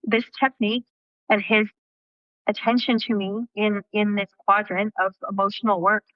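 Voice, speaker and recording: Woman, interview guest, animated storytelling, acts out quotes, casual swearing, dry dull sound. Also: medium pitch, moderate pace, no echo.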